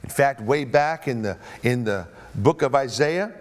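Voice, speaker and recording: A man preaching a sermon, moving between hushed, slow passages and raised, emphatic declarations. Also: expressive. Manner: dynamic preaching, swings between hushed low phrases and raised emphatic ones. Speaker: pastor.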